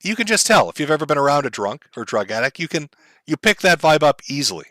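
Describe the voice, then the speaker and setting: Bright-voiced man commentator. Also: a little high, big pitch swings, no room sound. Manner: measured, explanatory, many fillers. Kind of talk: commentary on a stream clip.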